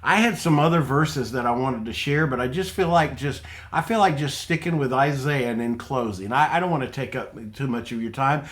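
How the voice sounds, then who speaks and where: A man's voice: mid-range voice, a little fast, few pauses, fairly bright tone. A man preaching an earnest online sermon to viewers, who repeats his points and asks rhetorical questions.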